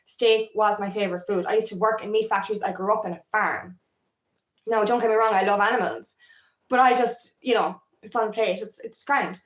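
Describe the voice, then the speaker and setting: A woman's voice: medium pitch, steady tone, a little fast. Candid Irish woman in an echoey room. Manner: candid, swears freely, rambling. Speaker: feminine empowerment coach. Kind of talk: casual vlog monologue.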